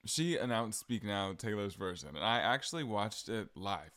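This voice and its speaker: A man's voice: lowish voice, animated, normal speed, fairly bright tone, no room sound, clean studio sound. A young man with a Southern accent, chatting casually on his solo podcast with frequent ums and likes. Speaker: podcast host.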